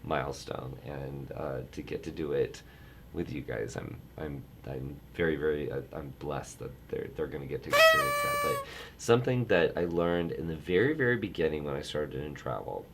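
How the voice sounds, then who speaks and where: A middle-aged man with a low, deep voice talks casually about his travel work. He rambles, interrupts himself, and turns animated when he gets excited. A faint hum of noise sits behind him. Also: normal speed, vocal fry. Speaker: travel industry guest. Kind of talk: casual chat.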